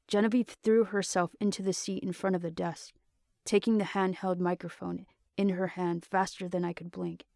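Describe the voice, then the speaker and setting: Gravelly woman narrator, steady reading, dry close sound. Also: fairly low pitch, normal speed, dry recording. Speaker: audiobook narrator. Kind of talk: storybook narration.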